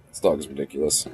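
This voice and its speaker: A man streaming a game who chats casually, swears freely, laughs often and coos softly in baby talk to his dog. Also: rumbling low, husky. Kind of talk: casual gaming stream chat.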